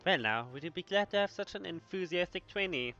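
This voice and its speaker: A man voicing a gym trainer in a calm, matter-of-fact way. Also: high voice, fairly quick, highs cut off, faint music behind, heavily acted.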